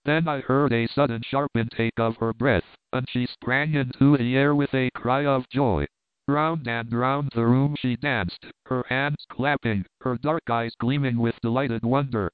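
A man reading a classic story aloud as narrator, in steady, clear storytelling. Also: medium pitch, dry recording. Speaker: audiobook reader. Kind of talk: scripted narration. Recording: dry tinny phone-like sound.

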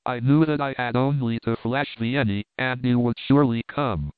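A shrewd, composed detective lays out his reasoning in measured phrases, as a male reader plays him. The voice is smooth but comes through dry and tinny, like a phone line. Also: medium pitch, no echo, natural voice. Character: calm, shrewd male detective, middle-aged.

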